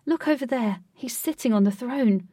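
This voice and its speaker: A woman's voice: fairly high pitch, normal speed, warm tone, slightly rough, no echo, studio quality, distant mic, pitched above the performer's own voice. Woman reading as earnest male guide Wraith. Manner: earnest, patient, lecturing.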